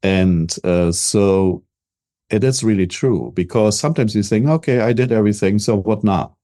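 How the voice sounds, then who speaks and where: Older german guy w/ a thick accent, low voice, confident and upbeat, stumbles on restarts. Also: moderate pace. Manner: energetic, self-assured, repeats words when starting. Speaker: guest, business coach. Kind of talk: casual interview talk.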